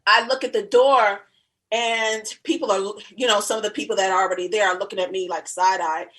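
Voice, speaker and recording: A woman guest telling a story on a podcast, animated and laughing often as she acts out the people in it. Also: medium pitch, brisk. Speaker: actress guest.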